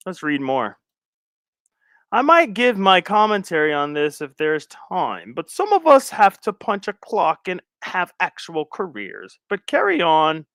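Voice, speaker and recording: A man's voice: fairly high pitch, very animated, normal speed, a bit bright, dry recording, clean studio sound. A man hosting a casual live stream, talking loosely in slang and repeating his phrases while he shares his screen. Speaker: live stream commentary host.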